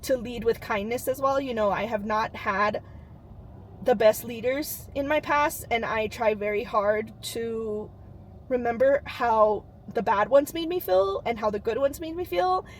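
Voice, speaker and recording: A woman's voice: a little high, unhurried, slight background noise. A woman in her thirties talking to camera in a bubbly, earnest vlog, with plenty of "um" and "like". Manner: bubbly, earnest, lots of fillers. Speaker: channel host.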